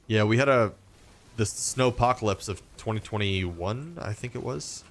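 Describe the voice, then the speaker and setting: Man from Texas, gaming streamer, fairly low voice, casual rambling chat, fillers and restarts. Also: normal speed, fairly bright tone.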